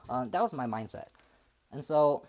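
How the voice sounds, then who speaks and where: A man's voice: medium pitch, expressive, moderate pace, a little mellow. Hesitant, reflective young man. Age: 20s. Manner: hesitant and reflective, many fillers and restarts. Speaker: streamer. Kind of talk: casual livestream chat.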